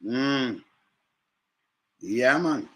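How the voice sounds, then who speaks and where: A man chatting casually in patois, telling animated stories with lively jumps in pitch. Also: very slow. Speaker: speaker in a reggae scene video.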